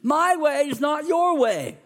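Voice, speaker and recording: A middle-aged man preaching a sermon as a pastor, animated and acting out the voices of the people in his story. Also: very high voice, slow pace, long reverb tail. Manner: animated, acts out voices of characters.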